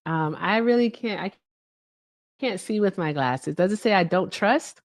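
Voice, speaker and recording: A woman's voice: medium pitch, expressive, unhurried, dry recording. A woman hosting a live stream, chatting in a playful, teasing way and laughing often. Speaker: livestream host. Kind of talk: casual live-stream chat.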